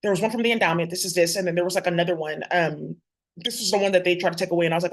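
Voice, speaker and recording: A woman's voice: fairly low pitch, steady tone, rapid-fire. A woman vlogging straight to camera in a heated, profane, confrontational rant.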